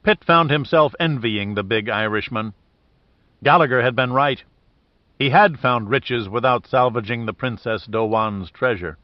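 A man narrating a novel in a steady, even reading voice. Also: medium pitch, normal speed, no room sound. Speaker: audiobook narrator. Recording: dull dry studio read.

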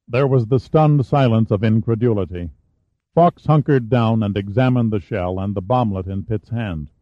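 Guy reading an audiobook, steady narrator voice, kinda muffled dry recording. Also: dry recording. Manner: even storytelling, shifts pitch for dialogue. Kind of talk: scripted narration with character voices.

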